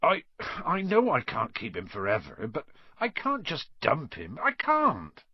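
A man putting on a huge gentle gamekeeper who talks softly and dotes on his pet, his husky voice swooping in a lively way. The storybook reading sounds dull and dry. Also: mid-range voice, unhurried, no echo, voice pushed up, full character voice. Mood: pleading. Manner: soft, murmuring, pleading. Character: huge gentle male gamekeeper, doting and soft-hearted.

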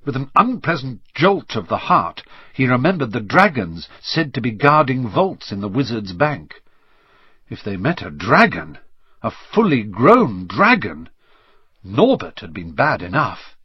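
Male storybook narrator, husky, expressive, pitch moves a lot. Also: unhurried, dry recording. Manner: expressive, varied reading. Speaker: audiobook reader. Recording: slightly dull lo-fi recording.

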